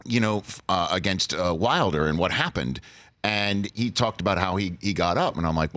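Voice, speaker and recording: Low, bright-voiced male talk-show host. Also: animated, normal speed, no room sound. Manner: rambling, self-interrupting storyteller. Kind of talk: casual talk-show chat.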